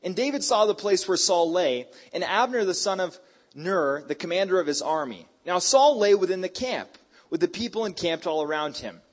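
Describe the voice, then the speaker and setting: A male preacher giving a sermon, retelling scripture in a hyper, animated way with casual slang. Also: sits high, normal speed.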